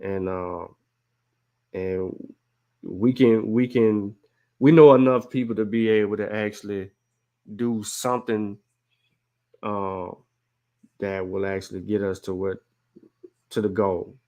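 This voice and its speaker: A man's voice: on the low side, steady tone, slow, pauses often, warm tone, lo-fi sound. A man hosting an online show, talking earnestly in a rambling way with many fillers. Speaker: show host. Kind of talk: casual livestream talk.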